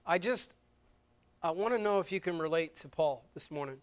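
A middle-aged man preaching a sermon in a church, moving between hushed, intimate stretches and loud, fervent ones. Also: on the high side, animated, normal speed. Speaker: pastor. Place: church sanctuary.

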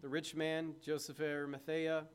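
A man preaching a sermon in a conversational way, asking the congregation questions and swinging from loud emphasis to hushed tones. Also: fairly high pitch, completely flat delivery, normal speed, clean tone.

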